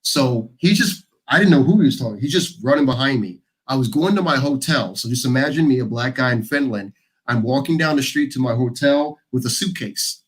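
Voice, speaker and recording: Animated American man telling stories. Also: medium pitch, a little fast, slightly rough. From United States. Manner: animated storyteller, acts out quoted voices. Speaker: panel host. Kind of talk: casual panel discussion.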